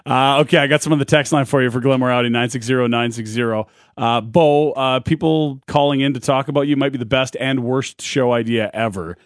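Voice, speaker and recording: A man co-hosting a sports radio show in a studio, reading listener texts aloud and adding quick jokes. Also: mid-range voice, dry recording. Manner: reads listener texts, quick joking asides. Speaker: radio co-host. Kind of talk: casual sports radio chat.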